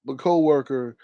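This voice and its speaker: A man rants in an indignant, drawling way on a live talk stream. His voice sits at an ordinary middle pitch, recorded dry and close, and it swings between loud outbursts and low mutters. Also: gravelly, dry recording, dull audio. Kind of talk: animated casual ranting.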